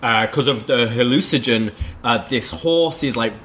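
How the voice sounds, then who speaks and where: A man's voice: medium pitch, normal speed, a bit bright, slight background noise. A man co-hosting a casual movie review podcast, recapping scenes and laughing often. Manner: laughs often, mimics a posh butler in quotes. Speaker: podcast co-host.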